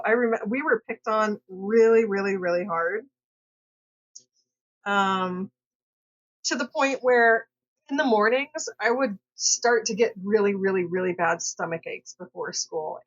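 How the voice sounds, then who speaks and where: Woman vlogger, casual hesitant storytelling, mid-pitched, dull lo-fi recording. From Southern California. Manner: rambling, hesitant, full of fillers and self-corrections.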